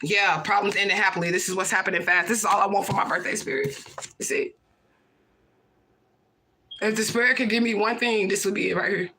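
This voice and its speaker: A woman's voice: medium pitch, fairly even intonation, fairly quick, long pauses, pushed and bright, a little hiss or hum. A woman hosting a livestream, talking to her viewers in a heated, profane, confrontational rant and repeating her points. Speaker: livestream host.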